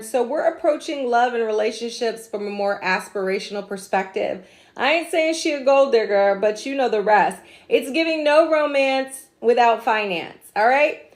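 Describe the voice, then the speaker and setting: Chatty, slangy woman astrology host. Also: fairly high pitch. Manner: chatty, laughs and drifts off track, slangy asides. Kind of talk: casual astrology livestream talk.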